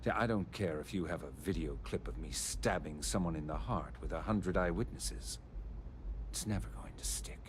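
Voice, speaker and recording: An actor playing a smug, arrogant corporate man in a video game, who speaks slowly and laughs off threats with scorn. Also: low-pitched, background noise, lightly acted. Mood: scornful.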